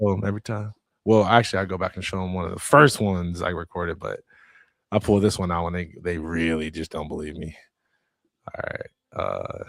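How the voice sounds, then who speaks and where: Creaky-voiced man hosting a lively livestream. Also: sits low, no room sound. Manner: animated and chatty, thinking aloud. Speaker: speaker and coach hosting a livestream. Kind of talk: casual motivational livestream talk.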